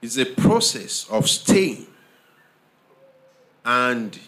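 A man preaching a sermon, slow and emphatic, repeating phrases and often asking the audience if they understand. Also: mid-range voice, big pitch swings, a bit bright.

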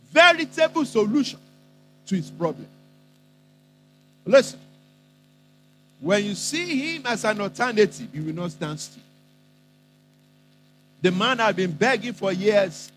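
A man preaching a sermon, emphatic and repetitive, with dramatic pauses between phrases. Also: very high voice, fairly bright tone, low-quality recording.

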